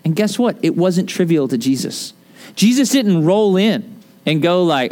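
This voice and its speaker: High-voiced man preaching in a chatty, joking way. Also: normal speed. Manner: conversational, joking, animated. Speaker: pastor. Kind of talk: sermon.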